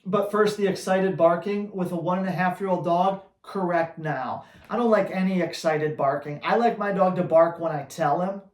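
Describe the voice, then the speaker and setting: A man who trains dogs, answering viewer questions on a live Q&A in a blunt, energetic, slangy way. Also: high-pitched, normal speed, hardly any pauses, roomy sound. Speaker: dog trainer.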